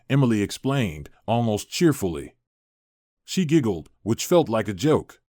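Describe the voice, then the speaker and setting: Expressive male story narrator. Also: lowish voice, normal speed, dry recording, clean studio sound. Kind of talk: first-person storytelling narration.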